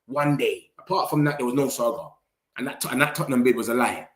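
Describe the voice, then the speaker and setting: A young man rattles through casual live football transfer news at a fast pace, his medium-pitched voice reverberating. As channel host he is animated and slangy, bantering and laughing a lot.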